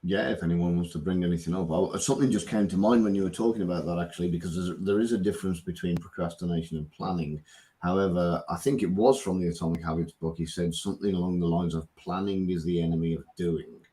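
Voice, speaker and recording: Casting: deep-voiced man host, loose and encouraging delivery. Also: steady tone, fast talker, mellow, poor audio. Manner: rambling, encouraging, many restarts. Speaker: podcast host. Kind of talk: casual panel chat.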